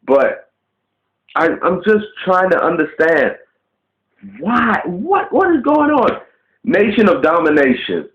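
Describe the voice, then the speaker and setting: Man venting on a home video, mid pitch, profane and blunt, roomy dull lo-fi sound. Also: sing-song, takes it slowly, pauses often. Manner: blunt, profane, ranting with rhetorical questions. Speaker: vlogger. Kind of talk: casual rant to camera. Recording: roomy, dull lo-fi webcam audio.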